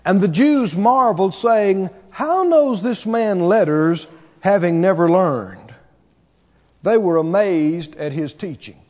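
A man's voice: high voice, expressive, slow, warm tone, long reverb tail, highs cut off. A man preaching a sermon to a congregation, asking them questions as he goes. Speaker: pastor.

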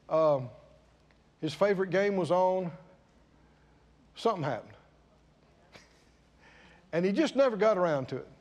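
A man preaching a sermon, firing questions at the congregation and driving points home with emphatic repetition. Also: sits high. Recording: long echo of a large hall.

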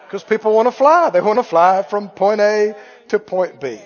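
A man with a high voice preaches a folksy, joking sermon. His delivery carries a long, ringing reverb from a church hall. The recording sounds dull and lo-fi. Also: moderate pace. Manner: folksy, joking, mimics critics with mock wails.

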